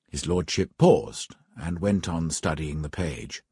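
A man narrating a story in a calm, orderly way. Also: rumbling low, slow pace, hardly any pauses, husky, dry recording, clean studio sound.

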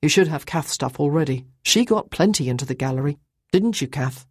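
A woman's voice: sits low, expressive, brisk, a little mellow, slightly rough, no room sound, studio quality. A woman voicing an earnest, awkward young man who speaks hesitantly, read in an audiobook.

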